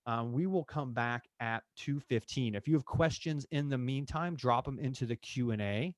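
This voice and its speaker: A man's voice: medium pitch, moderate pace, no echo, studio quality. A man coaching real estate agents in a live online session, acting out client and agent dialogue with energy.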